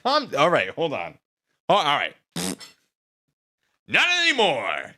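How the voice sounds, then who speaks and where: A man's voice: on the high side, wildly swooping pitch, takes it slowly, sharp tone. A man chatting casually on a live stream, rambling and hesitant, with many fillers.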